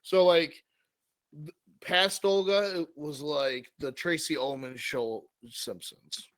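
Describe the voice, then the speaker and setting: A man's voice: fairly high pitch, steady tone, slow, fairly bright tone, dry recording. A man co-hosting a comedy podcast, improvising a crude story with plenty of swearing. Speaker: co-host.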